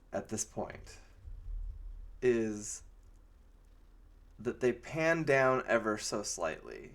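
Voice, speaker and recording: A man giving a casual, rambling movie review with a sarcastic edge, often slipping into mocking quoted voices. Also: medium pitch.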